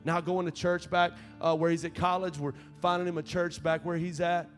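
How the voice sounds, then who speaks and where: A man's voice: a little high, level tone, normal speed, few pauses, soft background music. A young man preaching a sermon as associate pastor, telling a personal story in a conversational way and rising to fervent appeals. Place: church sanctuary.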